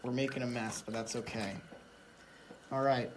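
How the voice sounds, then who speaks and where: A man's voice: mid-range voice, steady tone, normal speed, noisy background. A young man hosting a casual workshop vlog in his shed, easygoing and thinking aloud with fillers. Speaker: channel host.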